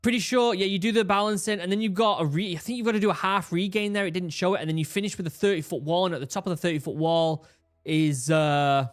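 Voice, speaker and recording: A man gives excited, casual commentary on a training course video, full of exclamations and restarts. His voice sits slightly high for a man. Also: fast, faint music behind. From England. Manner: animated, exclaiming, with repeated restarts. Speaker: reaction video host, former Royal Marine.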